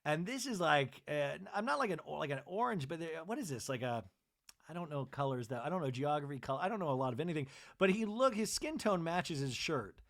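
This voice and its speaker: A man's voice: a little high, expressive, a little fast, fairly bright tone. A man from New Jersey hosting a comedy podcast, recapping a TV episode in a rambling, sarcastic way full of asides. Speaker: podcast host.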